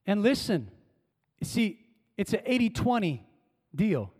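A male pastor preaching a sermon in a church, trading calls and responses with the congregation and swinging from emphatic lines to hushed ones. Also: high voice, very animated, unhurried, husky. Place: church sanctuary. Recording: long church-hall reverb.

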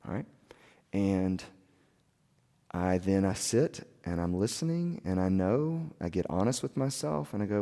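A soft-spoken man preaching a sermon as a pastor, telling his story in an earnest, confessional way. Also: low-pitched, lively intonation, moderate pace. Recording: long hall reverb.

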